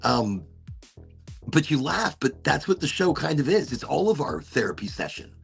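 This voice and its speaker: Male host, loose and rambling, swears casually; gravelly voice that jumps around, faint music under it. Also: on the high side, sing-song, normal speed. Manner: rambling, playful, swears freely. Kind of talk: casual livestream chat.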